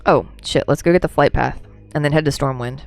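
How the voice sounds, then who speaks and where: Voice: medium pitch, a little fast, creaky, darkish tone, faint music behind. A game streamer chatting casually through a livestream, rambling, laughing and answering chat, a few drinks in.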